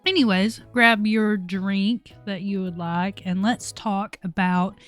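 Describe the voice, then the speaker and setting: A young woman, chatting candidly to camera in a relaxed, talkative vlog and laughing often. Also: medium pitch, slow pace, faint music behind. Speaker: vlogger. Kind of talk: casual chat to camera.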